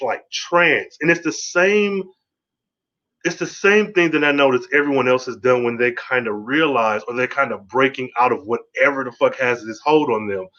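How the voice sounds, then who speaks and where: A medium-pitched man hosts a podcast alone, casually rambling through a review of a TV episode. He's excitable and swears freely, and the sound is lo-fi.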